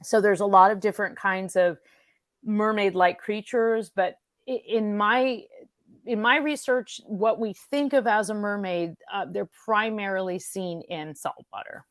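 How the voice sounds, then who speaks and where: A woman's voice: mid-range voice, unhurried, no echo, studio quality. A woman appearing as a guest author on a radio show, talking casually and laughing easily. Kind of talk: casual interview chat.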